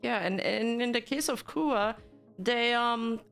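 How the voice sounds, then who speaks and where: A woman's voice: fairly high pitch, slow pace, creaky, a bit bright, clean tone, soft background music. A woman hosting a casual interview, answering supportively and backing up her guest with short replies. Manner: supportive, frequent short backchannels. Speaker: host, VTuber interviewer.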